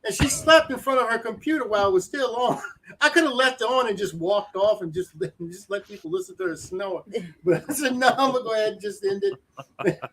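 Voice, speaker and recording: A man's voice: sits high, animated, fairly quick, fairly bright tone. A man, a guest on a podcast, who tells anecdotes and chuckles through them. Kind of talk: casual chat. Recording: faint background hiss.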